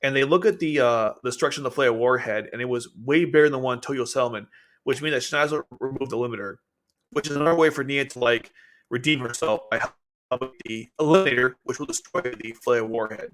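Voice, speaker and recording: Man, anime analysis stream, casual commentary, animated, mid-pitched voice. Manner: animated, acts out characters' lines in quick bits.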